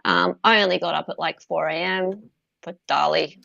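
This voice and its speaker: A bubbly Australian woman hosting a laid-back livestream, her voice carrying a gravelly fry at the ends of phrases. She chats quickly and warmly with her guest. The dull, dry computer mic gives it a lo-fi, close feel. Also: on the low side, dry recording. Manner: bubbly, chatty, quick laughs and gasps. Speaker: host. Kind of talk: casual livestream chat.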